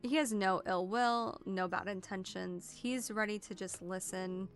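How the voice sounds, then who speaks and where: A woman narrating as dungeon master of a tabletop game in a casual, lively way with many fillers. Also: mid-range voice, measured pace, faint music behind.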